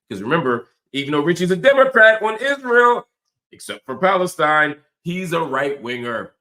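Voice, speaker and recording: A man's voice: a little high, big pitch swings, moderate pace, bright, forceful tone, echoey room. A man hosting a show, delivering an impassioned, emphatic political commentary monologue. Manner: impassioned, emphatic, repetitive rhetorical. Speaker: host.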